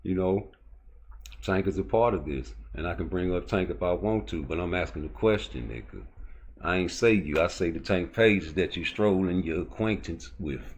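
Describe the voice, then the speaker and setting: Very deep, husky man ranting about boxing. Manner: profane, confrontational, rhetorical questions. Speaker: boxing commentary host. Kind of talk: unscripted rant to a live chat.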